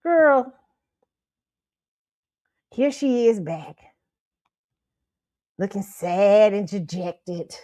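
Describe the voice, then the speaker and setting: Woman host, blunt, sassy commentary, mid pitch, dry close sound. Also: very slow, long pauses, no echo, muffled recording. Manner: blunt, sassy, animated, laughs often. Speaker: show host. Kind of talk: pop culture commentary livestream.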